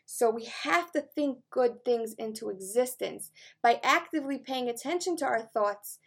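A woman's voice: on the high side, expressive, normal speed, gravelly, breathy edge. A woman teacher and life coach giving a Torah lesson on a psalm, earnest and conversational, with casual fillers.

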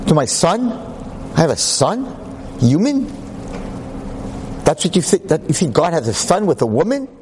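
Man doing an incredulous, indignant God in a told story; somewhat high, punchy. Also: big pitch swings, normal speed, background noise. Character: offended almighty God, incredulous male deity.

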